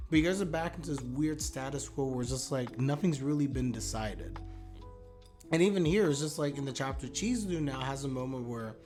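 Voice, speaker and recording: A man's voice: mid-range voice, a little fast, a little mellow, soft background music. A young man talking casually and animatedly in a video review, rambling with fillers and restarts. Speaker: manga reviewer.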